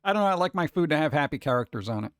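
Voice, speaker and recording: A man hosting casual reaction commentary, excitable and exclamatory, rambling between remarks. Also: a little high, rapid-fire, clear, resonant tone, no room sound, studio quality. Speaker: host.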